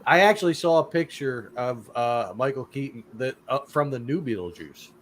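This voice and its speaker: A man's voice: medium pitch, lively intonation, normal speed, noisy background. A man co-hosting a podcast, chatting in a playful, jokey way. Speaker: podcast co-host. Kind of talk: casual chat.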